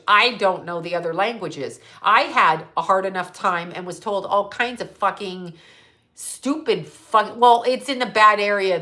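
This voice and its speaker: A woman's voice: mid-range voice, bright, forceful tone. A middle-aged woman from Canada hosts a live stream alone and talks straight to her viewers. She speaks bluntly, swears constantly and rants in a mid-range voice, stopping now and then to answer comments. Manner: blunt, heavy swearing, ranting. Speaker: psychic livestream host. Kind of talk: livestream monologue.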